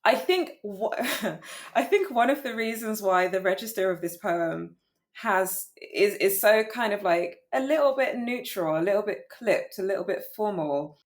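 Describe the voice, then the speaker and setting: A woman poet talks through one of her poems in a relaxed conversation. She is lively and laughs often. Her sentences double back on themselves as she thinks aloud. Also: mid-range voice, moderate pace. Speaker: poet, guest. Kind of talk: casual conversation about her poem.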